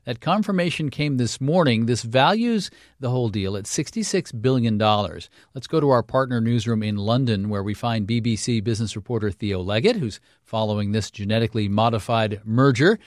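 A man hosting a radio business news update, with a brisk, wry delivery. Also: mid-range voice, expressive, dry recording, clean studio sound. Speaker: news host.

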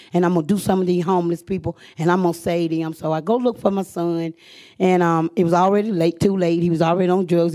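A woman's voice: on the low side, creaky, dark tone. A woman gives a personal testimony to an audience, telling her story earnestly and acting out the voices she quotes. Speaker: speaker sharing her recovery story.

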